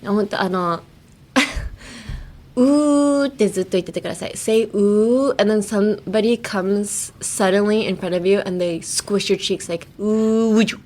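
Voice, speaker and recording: With a mid-range, slightly mellow voice at normal speed, a young woman from the United States leads a relaxed bilingual language lesson. She's a podcast host and English teacher who giggles playfully and repeats words over and over.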